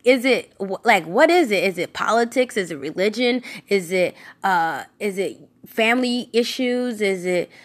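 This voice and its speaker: A woman's voice: mid-range voice, expressive, normal speed, few pauses. A woman giving a devotional podcast sermon. She speaks earnestly and casually, with fillers and restarts, and her voice rises when she repeats a question for emphasis. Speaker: podcast preacher.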